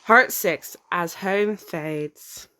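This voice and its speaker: A woman's voice: on the low side, drawn-out words, pushed and bright, smooth, poor audio. A woman streamer reading game text aloud with casual, chatty asides.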